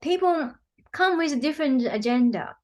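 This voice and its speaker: Woman healer talking thru her work, earnest, lotsa "you know"s, voice a bit high. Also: lively intonation, normal speed, a little mellow. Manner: earnest, many "you know" fillers, acts out quotes. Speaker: quantum healing practitioner, guest. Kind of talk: explanatory interview talk.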